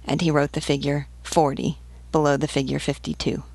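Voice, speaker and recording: A woman narrating an audiobook in a steady, unhurried way. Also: deep voice, gravelly, no echo.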